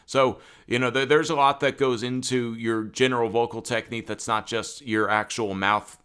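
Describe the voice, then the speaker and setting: Young male co-host, bright crisp voice, chatty and loose, lots of fillers. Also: medium pitch, normal speed. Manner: conversational, many fillers, animated when excited. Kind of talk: casual chat.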